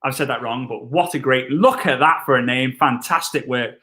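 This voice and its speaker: Bright, excitable man. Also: mid-range voice, moderate pace. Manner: excitable, jokey, wordplay. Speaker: network marketing trainer on a live stream. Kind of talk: energetic live-stream chat.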